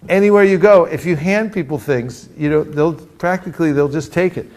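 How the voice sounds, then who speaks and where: A man from California teaching a live group in an energetic workshop style, calling for responses from the audience. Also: on the high side, normal speed. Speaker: teacher leading a training session. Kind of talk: interactive workshop talk.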